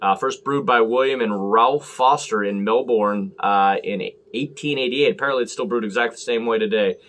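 A man's voice: mid-range voice, moderate pace, fairly bright tone. A man hosting a casual beer review vlog, rambling and joking with frequent restarts. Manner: rambling, jokey, fumbles and restarts often. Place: Los Angeles area.

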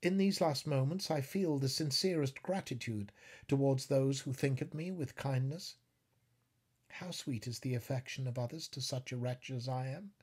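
A man reading aloud, voicing a gentle, resigned young woman facing death in a storybook reading. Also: medium pitch, normal speed, breathy edge, natural voice. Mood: tender.

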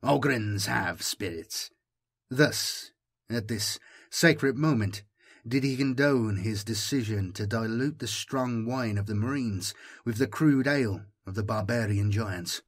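A male audiobook narrator with a husky, breathy tone at a middling pitch. He reads in a steady, even storytelling manner. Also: measured pace.

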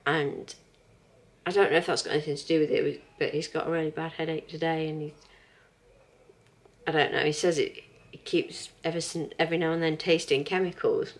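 A woman's voice: low voice, steady tone, brisk. Chatty woman vlogging at home. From England. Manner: chatty, rambling, laughs often. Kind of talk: casual chatty vlog.

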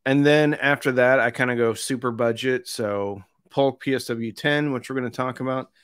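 A man's voice: medium pitch, normal speed, fairly bright tone, clear, resonant tone. A man hosting a live stream, chatting casually and reading out where his viewers are from, with jokey asides. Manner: chatty, jokey asides between roll calls. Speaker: host of an audio review channel.

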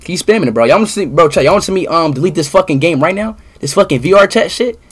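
A young man streaming live, ranting angrily at his chat with lots of swearing and sudden outbursts of shouting. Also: on the high side, animated, quick pace, slightly rough. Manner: angry profane ranting, bursts into shouting.

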